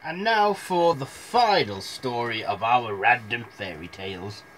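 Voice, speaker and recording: A man's voice: medium pitch, expressive, a little slow, noisy background. A young man telling fairy tales in a rambling, irreverent comic retelling, full of asides. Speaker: storyteller.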